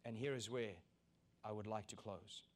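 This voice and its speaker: A man preaching a sermon as pastor, emphatic and repeating key lines, building to loud peaks. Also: fairly low pitch, fairly even intonation, normal speed.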